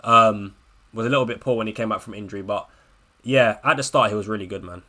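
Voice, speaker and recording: A man hosting a live fantasy football watchalong, talking casually, swinging between low mutters and loud frustrated rants, often repeating himself and swearing. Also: fast talker. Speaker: livestream host.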